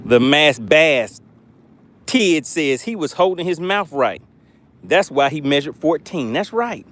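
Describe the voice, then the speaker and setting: A man's voice: a little high, animated, takes it slowly, fairly bright tone. A man hosting a fishing livestream from a boat, teasing and laughing with his chat viewers.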